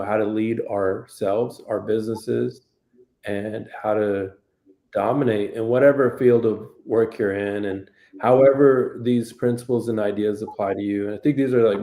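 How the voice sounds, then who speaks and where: A man's voice: fairly low pitch, dark tone. A man hosting a casual livestream chat, easygoing and rambling, with a lot of fillers. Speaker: host. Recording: echoey room.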